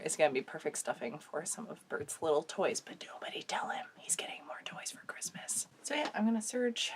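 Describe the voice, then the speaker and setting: A woman with a cold and a sore throat, chatting casually through a home sewing project, with dry jokes and casual swearing. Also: lowish voice. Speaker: sewing vlogger. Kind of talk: casual craft vlog chat.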